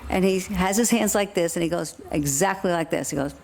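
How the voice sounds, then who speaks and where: A woman's voice: lowish voice, a little fast, a little mellow. Older Queens woman telling wry jokes. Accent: New York (Queens). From Queens, New York. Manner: wry, self-deprecating storytelling with punchlines. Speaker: keynote speaker. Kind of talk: comedic keynote speech. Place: convention hall stage.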